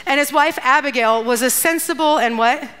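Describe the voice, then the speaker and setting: Bright, chatty woman preaching. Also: high voice, normal speed. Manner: chatty and playful, acting out characters with asides and laughs. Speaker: guest speaker at a church youth event. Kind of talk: casual storytelling sermon.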